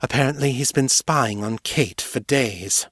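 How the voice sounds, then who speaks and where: A man voicing a fierce, protective female vampire who speaks gently but warily in an audiobook. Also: medium pitch, a little slow, dry recording, clean studio sound, voice pushed up. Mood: wary. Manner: gentle yet guarded.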